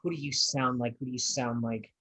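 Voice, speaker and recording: A man with a soft, scratchy voice chatting casually on a podcast. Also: mid-range voice, steady tone, fairly quick, husky. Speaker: podcast co-host. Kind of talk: casual chat.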